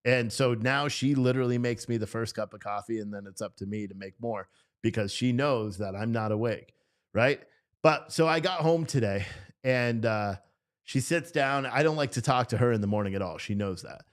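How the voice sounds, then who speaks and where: A man runs a casual livestream, reading chat and ranting back at it with heavy swearing, frequently laughing at himself in unscripted talk. His voice is medium-pitched and clean in tone, at a moderate pace.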